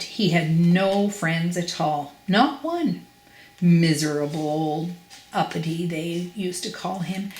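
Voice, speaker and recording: An older woman reads a children's story aloud with a lowish voice. Her delivery is expressive and emphatic, and the room adds a noticeable echo. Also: slight background noise. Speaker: grandparent reading aloud.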